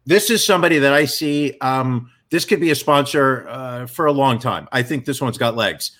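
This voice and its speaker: A man's voice: normal speed, fairly bright tone. A middle-aged man co-hosting a casual podcast, chatting and bantering. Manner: booming mock radio-announcer voice. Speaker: podcast co-host.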